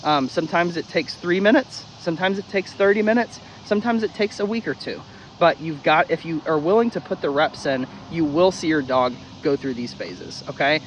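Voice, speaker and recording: A man teaching dog training in a casual, blunt way, his voice sitting a little high. He drills key steps by repeating them and drops the odd swear word. There is faint background noise behind him. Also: normal speed, poor audio. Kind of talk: casual instructional talk.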